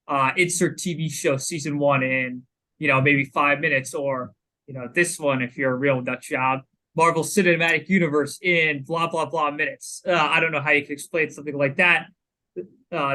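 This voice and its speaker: Bright-voiced man chatting about sports. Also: a little high, rough recording. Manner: chatty, lots of "you know" fillers. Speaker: podcast co-host. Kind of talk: casual sports podcast talk.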